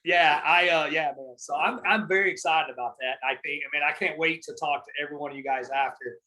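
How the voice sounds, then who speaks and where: A man's voice: on the high side, quick pace, bright, forceful tone, rough recording. A man hosting a casual podcast chat, telling stories in a rambling, emphatic and heavily profane way. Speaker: podcast host.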